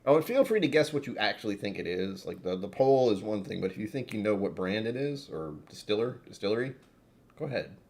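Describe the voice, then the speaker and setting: Wry low-voiced man with lively pitch. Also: a little fast. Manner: wry, self-mocking, chatty asides to chat. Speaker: whiskey tasting livestream host. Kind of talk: casual livestream chat with viewers.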